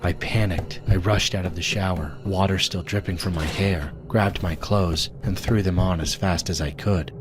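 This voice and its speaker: A man narrating a scripted horror story in a measured, steady way. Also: low-pitched, noisy background. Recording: voice-over with music behind.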